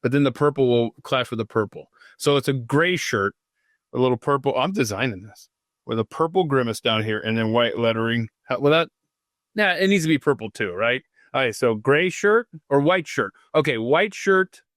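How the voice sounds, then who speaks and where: A man's voice: medium pitch, animated, moderate pace, fairly bright tone, no echo, clean studio sound. Rambling jokey man on a podcast. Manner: rambling and jokey, reading aloud and stopping to riff. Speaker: podcast host. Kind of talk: casual solo podcast monologue. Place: home studio.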